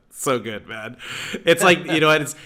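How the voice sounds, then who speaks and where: A male host in casual interview chat, enthusiastic and quick to laugh. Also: fairly high pitch, pushed and bright. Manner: enthusiastic, laughs often, says "man" a lot.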